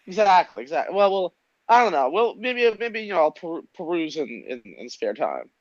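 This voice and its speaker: A man's voice: sits high, sing-song, moderate pace, no room sound. Hesitant man player on a dull mic. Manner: hesitant, stammering, many fillers. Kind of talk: casual tabletop play.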